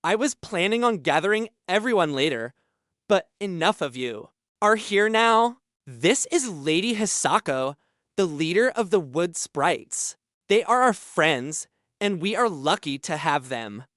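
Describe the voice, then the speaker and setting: A man's voice: high-pitched, very animated, measured pace, fairly bright tone, no echo, studio quality, full character voice. A man voicing a friendly, confident young village lord who gives orders cheerfully in an audiobook. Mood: commanding.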